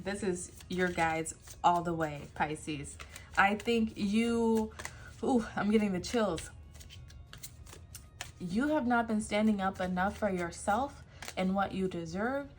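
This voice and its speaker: A woman giving a casual tarot reading, emphatic, often laughing and sighing. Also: mid-range voice. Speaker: tarot reader.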